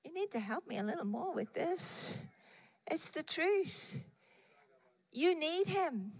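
Female preacher, high voice, slow and emphatic delivery, repeats key phrases; echoing hall. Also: big pitch swings. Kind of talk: sermon.

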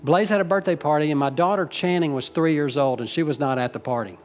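A man's voice: on the high side, fast. A middle-aged man preaching a sermon to his church, folksy and rambling, teasing the congregation and getting emotional. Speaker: pastor. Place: church sanctuary.

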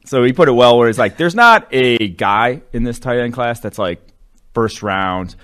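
This man's medium-pitched, slightly bright voice has lively intonation and a normal speed. As a sports podcast co-host, he discusses draft prospects casually, rambling and leaning on lots of fillers.

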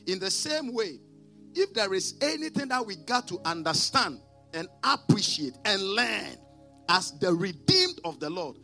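Guy pastor preaching, voice jumps all over, big loud lines then quiet bits, asks the crowd to repeat. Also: high voice. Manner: preaching with call-and-response prompts to the congregation; emphatic, swings between loud declarations and quiet asides. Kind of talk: sermon.

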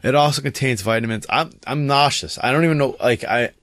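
A man co-hosting a casual podcast chat, reading an article aloud in a halting, squeamish way with many restarts. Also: medium pitch, fairly bright tone, no room sound, studio quality. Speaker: podcast co-host.

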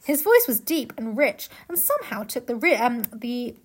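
High husky woman reading aloud, joking. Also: big pitch swings, moderate pace. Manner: laughing, joking asides between read passages. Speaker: podcast co-host reading the book aloud. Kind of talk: casual chat and reading aloud.

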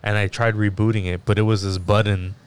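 A man co-hosting a podcast, telling a story in casual chat, animated, swearing freely and laughing often. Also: fairly low pitch, brisk, smooth. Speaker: podcast co-host.

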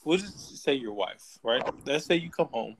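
A man co-hosting a casual podcast who lays out long hypothetical questions. He rambles, restarts and fills in with "like" as he goes. His pitch sits in an ordinary middle range. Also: expressive, normal speed, slight background noise, low-quality recording. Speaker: podcast co-host. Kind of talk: casual chat.

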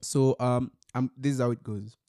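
A man's voice: mid-range voice, steady tone, moderate pace, mellow, no echo, studio quality. A man co-hosting a casual podcast, teasing and mock-dramatic, dropping in Swahili words. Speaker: podcast co-host. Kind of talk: casual chat.

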